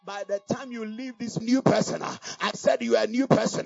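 A man preaching a charismatic sermon with fiery, shouted declarations and bursts of tongues. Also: sits high, brisk, gravelly, no echo. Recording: dull lo-fi, distant from mic, dry.

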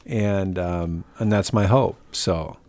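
A man's voice: sits low, slow, a little mellow, no echo. A man co-hosting a fishing podcast in casual chat, rambling and self-mocking, often restarting his sentences. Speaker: podcast co-host.

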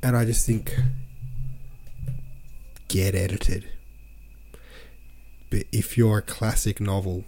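A man's voice: fairly low pitch, steady tone, slow pace, long pauses, mellow. A man hosting a podcast, reading from a novel aloud and complaining in an exasperated, ranting way about its wordy sentences. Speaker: podcast host.

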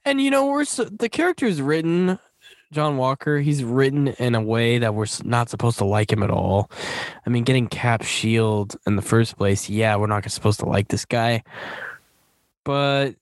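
A man's voice: mid-range voice, moderate pace, no room sound. A man giving casual, blunt movie commentary as a podcast host, swearing and scoffing often.

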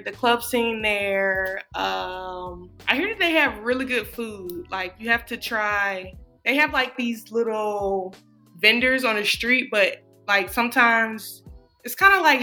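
Bright, chatty woman. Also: a little high. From Atlanta, USA. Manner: chatty, rambling, laughs often. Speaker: podcast co-host. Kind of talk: casual chat.

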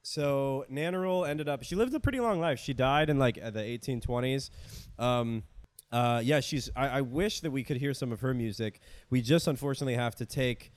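A man's voice: medium pitch, normal speed. A young man co-hosting a podcast, chatting casually and jokily, rambling through asides. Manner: rambling, jokey, trails off into asides. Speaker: podcast co-host. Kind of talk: casual comedic chat.

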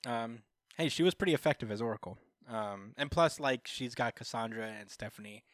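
A man's voice: medium pitch, a little fast, fairly bright tone, no echo, studio quality. A young man co-hosting a podcast, casually recapping a comic story in a rambling, filler-heavy way. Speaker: podcast co-host.

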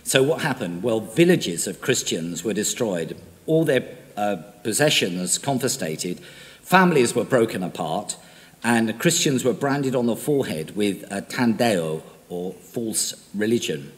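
A man's voice: fairly low pitch, lively intonation, a little slow, long reverb tail. An older male priest with an English accent, born in Australia, giving a conversational, self-deprecating homily with frequent fillers.

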